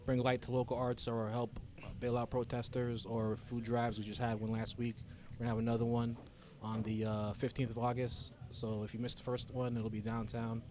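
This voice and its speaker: A man's voice: mid-range voice, a little mellow, slight background noise. A man who is a guest on a casual podcast, talking about organizing music events, rambling with restarts.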